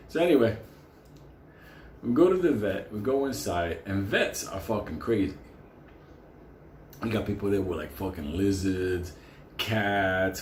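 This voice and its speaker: A man's voice: mid-range voice, slight background noise. A man telling a story casually, swearing often and laughing through it. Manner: profane, laughing, animated. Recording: echoey room with faint ambience.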